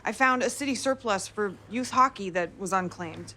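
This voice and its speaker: A woman's voice: mid-range voice, normal speed, very noisy, lightly acted. An actress playing a determined mother who starts her own youth hockey team, speaking matter-of-factly.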